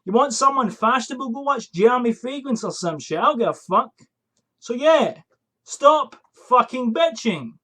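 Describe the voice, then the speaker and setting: Young guy with a high voice, swears a lot, exasperated rant, attic room usb mic. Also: lively intonation, normal speed, pushed and bright. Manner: profane, exasperated ranting. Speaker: fragrance reviewer. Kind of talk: casual vlog rant. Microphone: USB desk microphone.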